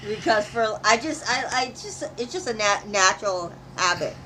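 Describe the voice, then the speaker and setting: A woman's voice: mid-range voice, expressive, moderate pace, sharp tone, a little hiss or hum, rough recording. A woman co-hosting a casual live-stream chat, laughing easily and teasing.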